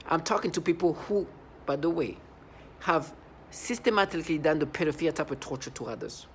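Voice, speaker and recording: A man in his thirties giving a personal testimonial, halting, often repeating and restarting words. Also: fairly high pitch, lively intonation, fairly bright tone, slight background noise. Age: 30s. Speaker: vlogger.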